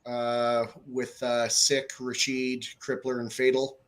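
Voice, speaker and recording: A man's voice: medium pitch, monotone, slow pace. A man co-hosting a casual podcast, blunt and swearing casually as he chats. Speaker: podcast co-host.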